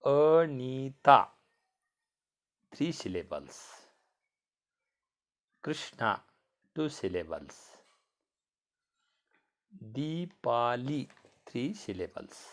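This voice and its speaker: Man, school teacher, bilingual lesson, slow, repeats words for the class. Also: mid-range voice, animated, a little mellow.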